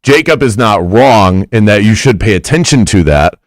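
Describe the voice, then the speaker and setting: A man's voice: fairly low pitch, expressive, moderate pace, no echo, low-quality recording. A man co-hosting a sports talk radio show, chatty and self-assured as he talks through betting.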